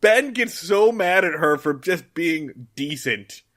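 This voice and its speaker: A man co-hosting a podcast, casually recapping a TV episode, animated and quick to laugh and act out lines. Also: fairly high pitch. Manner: animated, laughs often, acts out characters' lines. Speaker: podcast co-host.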